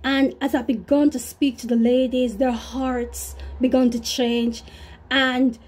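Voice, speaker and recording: A woman's voice: high-pitched, fairly even intonation, slow pace, a little mellow. A woman preacher earnestly recounting a vision, repeating herself as she tells the story. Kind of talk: testimony to camera.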